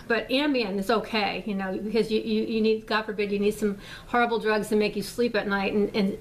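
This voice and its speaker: A woman's voice: mid-range voice, slight background noise. A woman vlogger ranting casually to her viewers, rambling and exasperated, with frequent swearing and fillers. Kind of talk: casual rant to camera.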